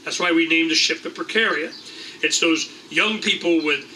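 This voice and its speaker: A middle-aged man hosts a liberty meeting in a meeting room, talking to the room in a rambling, irreverent, animated way with casual swearing. His slightly high voice is pushed and bright at a moderate pace, picked up by a distant mic with faint noise.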